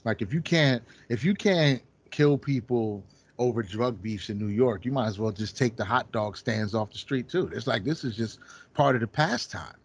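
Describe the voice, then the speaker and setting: A man in casual podcast chat, animated and profane, acting out quotes as he tells stories. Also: mid-range voice, moderate pace, slightly rough.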